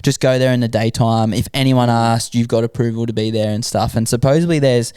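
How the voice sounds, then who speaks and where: A young Australian man, a podcast guest, telling a story in relaxed casual chat and lively when he quotes others. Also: medium pitch, brisk, clear, resonant tone, no echo, studio quality. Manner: laid-back, animated when quoting people.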